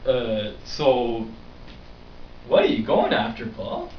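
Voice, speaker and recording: A man's voice: mid-range voice, slow, a little hiss or hum. A young man hosting a vlog, telling a story in a casual, rambling way with lots of fillers. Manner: rambling, animated, with many fillers. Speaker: vlog host. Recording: dull roomy recording from a distance.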